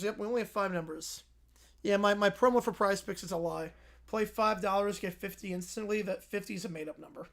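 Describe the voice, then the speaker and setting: A man's voice: high-pitched, gravelly. A man hosting a livestream, making joking asides between reading sketches. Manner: joking, laughs often, quick asides. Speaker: livestream host. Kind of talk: casual livestream commentary.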